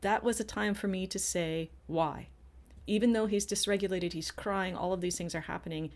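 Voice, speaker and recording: A woman's voice: mid-range voice, fairly even intonation, normal speed. A middle-aged woman co-hosting a podcast, telling a personal story in an earnest, casual way with frequent restarts. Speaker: podcast co-host.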